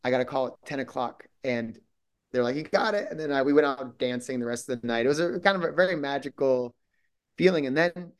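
A man's voice: mid-range voice, brisk, smooth. A man from Minnesota, a guest actor talking casually in an interview, rambling with many restarts and quoted asides.

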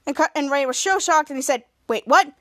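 A woman's voice: fast talker, dry recording, studio quality. A woman hosting a podcast, retelling a TV episode scene by scene, acting out quotes and often restarting her sentences. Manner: retells scenes, acts out quotes with raised pitch, many restarts. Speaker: podcast host. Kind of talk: casual episode recap.

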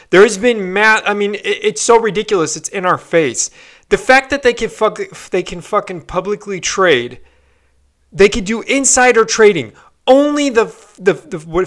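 A man's voice: sits high, a bit bright. A young man ranting on a solo podcast, swearing often and stumbling through fillers and restarts. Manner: profane, frustrated ranting with frequent fillers and restarts. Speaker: podcast host.

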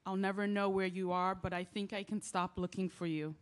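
A woman's voice: medium pitch, flat delivery, brisk, close to an everyday voice. Brief: woman as an earnest, confessional lead narrating her letters, audio drama. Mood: reflective. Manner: earnest, confessional, rising to yelling. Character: grieving young woman named Lia writing letters.

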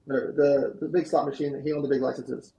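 Upbeat man telling a story, mellow tone. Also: medium pitch, highs cut off. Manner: animated, fast-moving anecdotes. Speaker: podcast guest, entrepreneur. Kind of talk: storytelling interview answer. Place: podcast studio.

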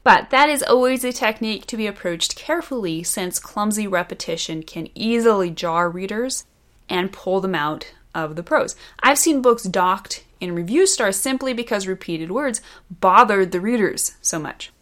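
A woman author explaining fiction editing lessons in a scripted, deliberate narration that stresses key words. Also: mid-range voice, lively intonation, a bit bright. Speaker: author teaching writing.

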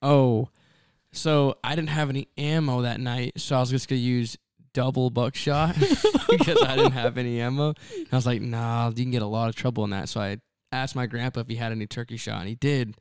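A man, co-hosting a casual podcast. He talks quickly and chattily, often repeating himself. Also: medium pitch, sing-song, smooth, no echo, clean studio sound. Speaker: podcast co-host. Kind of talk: casual chat.

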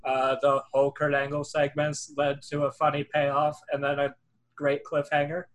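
A man in a casual chat, relaxed, making short remarks. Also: on the high side, normal speed.

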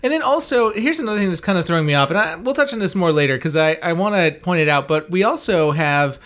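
A man co-hosting a movie review podcast, talking in a quick, animated and wry way. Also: high-pitched. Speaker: podcast co-host. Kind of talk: casual movie review chat.

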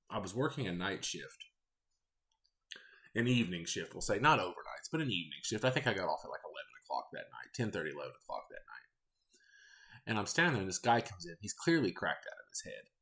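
A podcast host in his thirties tells offhand stories in a loose, rambling monologue. His fairly low voice rises and falls a lot in pitch. He's deadpan and candid, especially about odd customers.

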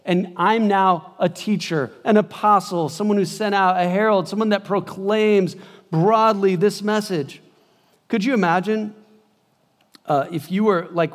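A male pastor preaches in a loose, conversational way, with a voice set a bit higher than most men's. He swings between loud, lifted bursts and quiet, hushed stretches. A long reverb trails after his words, as if he is speaking in a large church. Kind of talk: sermon.

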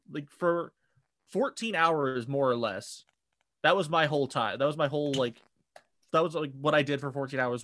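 A man's voice: fairly high pitch, fairly bright tone, dry recording. A young man co-hosting a podcast, recapping online drama in a casual, rambling way with many fillers and restarts. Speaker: podcast co-host. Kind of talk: casual chat.

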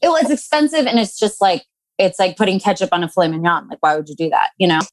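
A woman hosting a casual podcast chat over a video call, playful and quick to laugh. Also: lowish voice, big pitch swings, dry recording, rough recording. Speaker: podcast host.

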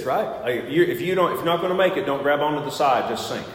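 A man's voice: on the high side, animated, fast talker, hardly any pauses. A man, a pastor, telling a personal story in a sermon, conversational and full of fillers and restarts. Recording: echoey church hall with long reverb.

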